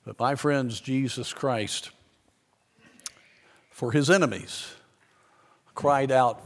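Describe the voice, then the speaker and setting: A man preaching a sermon, telling a story in an earnest way and slowing down for emphasis. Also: mid-range voice.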